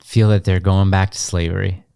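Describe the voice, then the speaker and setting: A man's voice: sits low, level tone, normal speed, gravelly, mellow, clean tone, no room sound, studio quality. Blunt, sarcastic young man on a podcast. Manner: blunt, sarcastic, acts out other people's lines. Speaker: podcast co-host. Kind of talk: casual chat. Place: podcast studio.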